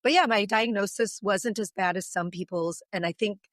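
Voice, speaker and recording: A woman in her forties, a podcast guest, telling a long, emotional story in an animated, long-winded way. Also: mid-range voice, normal speed, no echo, studio quality.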